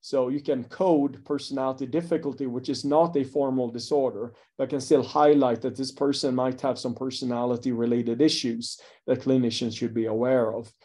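A man's voice: mid-range voice, fairly even intonation, normal speed, few pauses, warm tone. A man giving a psychology lecture, hesitant with many fillers and the odd dry aside. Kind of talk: academic talk.

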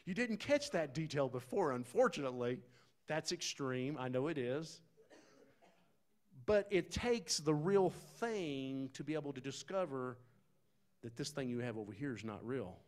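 A man preaching a sermon in a folksy, conversational way, talking straight to the congregation, dropping to quiet asides and rising to loud, emphatic bursts. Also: medium pitch, animated, moderate pace. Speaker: pastor.

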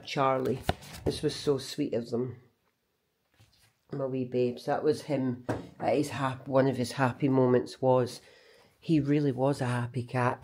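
A woman's voice: extremely low pitch, mellow, husky. A Scottish woman talking casually to her vlog camera, chatty and rambling, often restarting and correcting herself. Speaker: vlogger.

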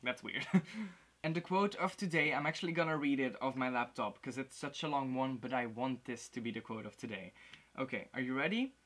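A man hosting a casual unboxing video, talking in an excitable, gushing way. He exclaims and laughs often as he goes, with a voice at a middling pitch for a man. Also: brisk. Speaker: host of a toy unboxing series.

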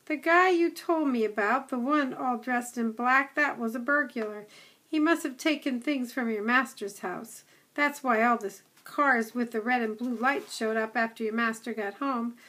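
A woman voicing an old male setter dog who is gruff, blunt and a know-it-all. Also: on the high side, moderate pace, pushed and bright. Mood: scoffing. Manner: blunt, scoffing, chatty.

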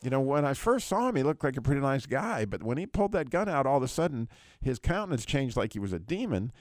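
A man's voice: medium pitch, fast, dry recording, clean studio sound. A middle-aged man hosting a radio prayer show, retelling a dramatic testimony in casual chat, his voice jumping up at the emotional peaks. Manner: animated storyteller, voice leaping up at emotional peaks.

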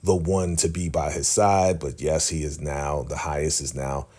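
A man giving a chatty, animated recap of a TV episode. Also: a bass voice, moderate pace. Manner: chatty, animated, laughs often. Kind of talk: casual TV recap.

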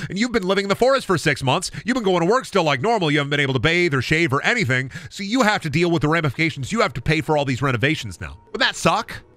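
Guy streamer rambling absurd bits, bright gravelly voice, super lively, dry close mic. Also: fairly high pitch, no room sound. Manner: absurd, self-aware storytelling, swearing. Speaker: gaming streamer. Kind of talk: rambling comedic riffing on stream.

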